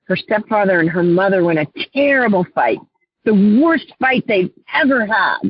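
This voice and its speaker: A woman life coach, a guest on an interview show, telling her clients' stories in an earnest, heartfelt way and often clearing her throat. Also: mid-range voice, big pitch swings, normal speed, dry recording, muffled recording.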